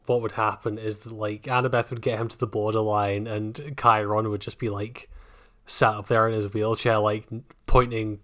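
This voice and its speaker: A man's voice: on the low side, level tone, moderate pace, pushed and bright. Laughing, rambling man on a podcast. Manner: rambling, joking, laughs often, swears. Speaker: podcast co-host. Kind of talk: casual book discussion podcast.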